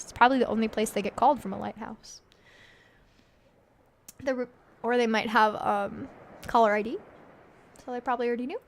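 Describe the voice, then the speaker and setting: A woman's voice: fairly high pitch, a little fast, pauses often. A woman streaming a narrative game, reading its text aloud and chatting with her viewers, laughing often. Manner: giggly, chatty, reads chat aloud.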